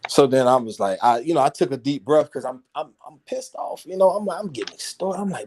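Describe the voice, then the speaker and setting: A man telling a personal story in casual conversation, animated and slangy, swearing and repeating words as he goes. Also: mid-range voice, brisk, few pauses, slight background noise.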